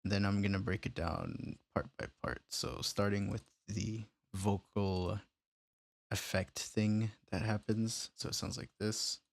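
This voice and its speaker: A man casually walking through how he built a beat, step by step, in a relaxed, plain way. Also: lowish voice, takes it slowly, creaky, slight background noise. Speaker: music producer tutorial host. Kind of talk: casual screen-recorded tutorial.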